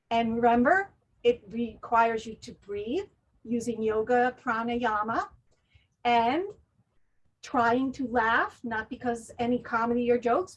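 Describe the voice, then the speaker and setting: Woman leading laughter yoga exercises. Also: on the high side. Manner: leads breathing and forced laughter exercises. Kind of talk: guided wellness presentation.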